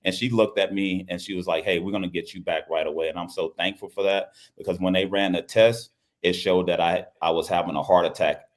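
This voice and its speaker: A middle-aged man from Louisiana with a low, deep voice tells a personal story as an interview guest. He speaks earnestly and often repeats his phrases. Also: fairly even intonation, a little fast. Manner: earnest, repeats phrases, acts out quoted speech. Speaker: basketball coach and guest.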